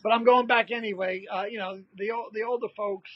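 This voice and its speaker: Older comedian, sixties, high voice, animated storyteller, dull dry audio. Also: male voice, brisk, no room sound. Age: 60s. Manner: animated anecdote-telling, acts out quoted voices. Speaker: comedian guest. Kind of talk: storytelling in a casual interview.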